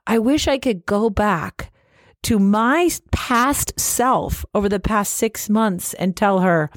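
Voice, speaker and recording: A woman's voice: mid-range voice, slow, no echo, studio quality. A middle-aged woman hosting a faith-based motivational podcast, speaking earnestly and encouragingly straight to the listener. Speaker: podcast host.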